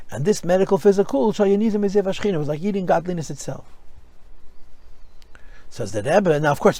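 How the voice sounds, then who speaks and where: A man's voice: on the high side, dry recording. A man teaching a Torah lesson as a rabbi, explaining step by step and telling stories along the way. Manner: explanatory, storytelling asides, mixes Hebrew and Yiddish terms.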